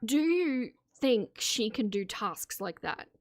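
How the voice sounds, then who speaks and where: A woman's voice: a little high, big pitch swings, slow, no room sound, clean studio sound. A woman streamer giving casual, opinionated commentary to her live chat, laughing often between remarks. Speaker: streamer reacting to videos.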